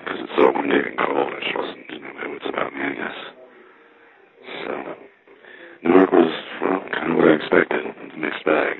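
Speaking into a payphone handset near a station, a man who collects payphone experiences keeps a casual spoken diary, wry and meandering and often correcting himself. His husky voice rumbles low with vocal fry, a steady tone and normal speed, heard over a tinny payphone line.

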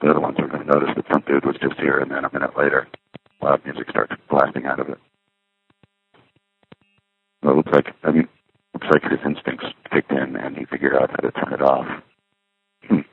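A middle-aged man rambles from a street payphone, leaving a spoken diary in a wry, meandering way and correcting himself as he goes. His very deep voice is level, a little fast and slightly rough, with vocal fry, frequent pauses and no echo. The handset line sounds tinny, with faint street noise behind it.

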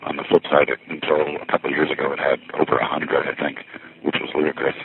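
Very deep, flat-voiced New man. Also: fast talker, vocal fry. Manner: wry, chatty, thinking aloud. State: a little winded. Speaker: payphone vlogger. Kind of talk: rambling first-person walkthrough. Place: ferry terminal, indoors, busy. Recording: tinny lo-fi with faint background noise.

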